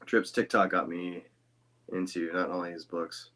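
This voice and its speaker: A man guesting on a casual podcast chat, teasing the host in a dry, deadpan way. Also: sits low, measured pace. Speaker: guest voice actor.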